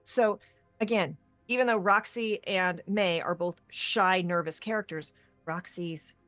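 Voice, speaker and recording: Give me an animated woman co-host rambling through a casual gaming chat, recorded dry. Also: mid-range voice, dry recording, soft background music. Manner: animated, rambling with quick tangents. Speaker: co-host of a tabletop gaming talk show.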